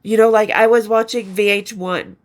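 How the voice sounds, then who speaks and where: A woman's voice: medium pitch, steady tone, normal speed. A woman hosting a podcast, chatting casually and enthusiastically about a film sequel, rambling and swearing now and then, a bit stuffy from allergies. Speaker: podcast host. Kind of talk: casual film review chat.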